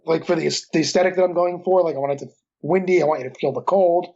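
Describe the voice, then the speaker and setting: A man as a guest comic creator, answering casually in a halting way, full of restarts and fillers. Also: fairly high pitch, creaky, darkish tone. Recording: dull lo-fi audio.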